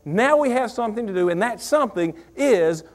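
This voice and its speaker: A man's voice: high voice, lively intonation, fairly quick, a little hiss or hum. A man, preaching a sermon, repeating phrases and asking the congregation questions. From Mississippi. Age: 40s. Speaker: pastor.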